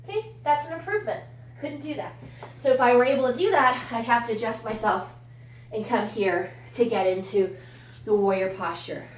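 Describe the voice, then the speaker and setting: A woman coach talks through a workout as she moves, candid and encouraging, her voice a bit high. She sometimes sounds slightly out of breath. The sound comes from a camera some distance away in a reverberant room. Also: fairly even intonation, moderate pace, a little hiss or hum. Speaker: fitness coach. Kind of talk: casual workout demonstration. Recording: echoey room from off-mic.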